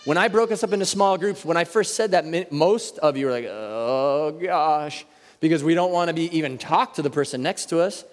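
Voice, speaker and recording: Casual preacher in a reverberant hall. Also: male voice, a little high. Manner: conversational, slows down to stress key words. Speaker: pastor. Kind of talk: sermon. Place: church sanctuary.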